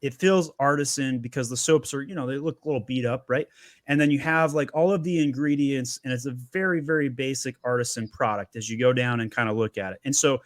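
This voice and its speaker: A man who runs an agency gives energetic, emphatic selling advice in a webinar conversation, often repeating words as he starts. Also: medium pitch, a little fast, dry recording, clean studio sound. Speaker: agency founder sharing Amazon selling advice.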